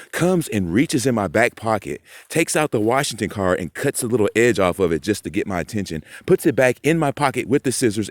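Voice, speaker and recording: A man's voice: on the low side, no echo, studio quality. A man in a rambling, profane monologue to camera, agitated and full of fillers. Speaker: vlogger.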